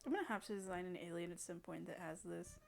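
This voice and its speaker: A woman's voice: lowish voice, quick pace, creaky. A woman giving casual gameplay commentary, thinking aloud and hesitating as she sets up a character. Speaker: gaming video creator.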